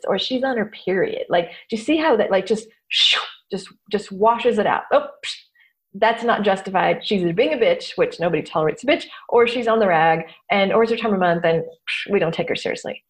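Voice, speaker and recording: A woman's voice: mid-range voice, brisk. A middle-aged woman, a therapist and teacher, talking candidly to an audience and acting out quoted voices. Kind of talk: talk to an audience.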